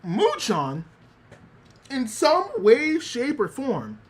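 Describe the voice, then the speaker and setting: A man's voice: very high voice, huge pitch swings, drawn-out words. A man streaming live, chatting casually with his chat and retelling an anime episode, with many restarts and some swearing. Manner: talks to chat directly.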